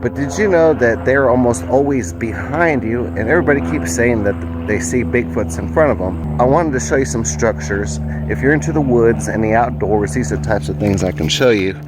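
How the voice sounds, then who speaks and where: A man's voice: mid-range voice, normal speed, hardly any pauses, very noisy. A man vlogging while walking through the woods, rambling and musing as he points things out. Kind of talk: casual outdoor vlog. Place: woods outdoors.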